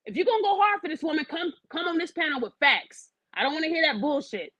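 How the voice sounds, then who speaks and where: Talking fast and very animated, a high-pitched woman rants on her podcast, bluntly and profanely challenging her audience with pointed questions. Her tone is a bit bright, and the recording is dry and low in quality.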